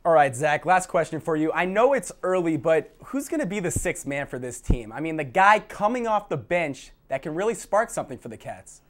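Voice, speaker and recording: A man's voice: a little high, big pitch swings, brisk, hardly any pauses, a bit bright, slight background noise. A man hosting a student TV sports show, reading scores and questioning his analyst in an upbeat anchor manner.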